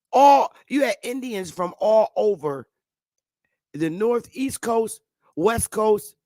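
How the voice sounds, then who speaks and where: A woman in her fifties from Connecticut, a channel host, gives a casual, rambling monologue to her viewers, repeating herself and calling them sweetheart and love. Her voice is medium-pitched and darkish, with no echo.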